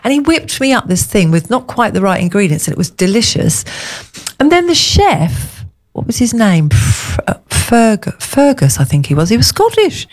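A woman's voice: medium pitch, big pitch swings, moderate pace, a little mellow. A middle-aged woman from England telling long, gushing stories as a radio co-host in casual chat. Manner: chatty, gushing storyteller.

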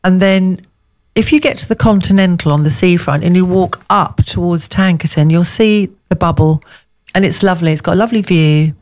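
Chatty woman, lower voice. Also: brisk. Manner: chatty storyteller, animated, rambling anecdotes. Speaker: co-host. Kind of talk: casual chat.

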